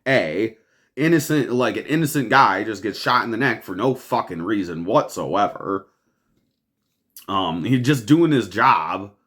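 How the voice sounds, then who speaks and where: A man's voice: fairly low pitch, expressive, a little slow, fairly bright tone. A man hosting a podcast, ranting over the news in a profane, exasperated way and laughing often. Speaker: podcast host.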